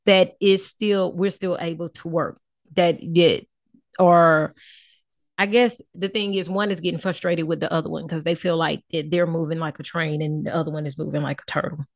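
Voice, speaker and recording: A woman's voice: deep voice, fairly even intonation, normal speed, dry recording, clean studio sound. A woman hosting a casual podcast conversation, asking questions in a playful way and laughing often. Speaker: podcast host.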